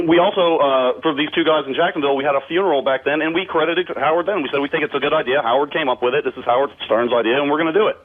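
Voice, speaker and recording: A man calling into a radio show, arguing in a rapid, combative, profane way. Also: fairly high pitch. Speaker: rival radio host on the phone. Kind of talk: heated radio argument. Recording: tinny phone line.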